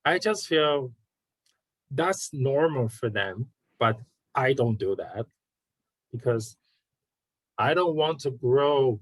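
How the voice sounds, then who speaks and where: A man from Taiwan with a Taiwanese accent, speaking as a guest in a casual conversation, halting and restarting often. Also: mid-range voice, lively intonation, husky, dry recording, poor audio.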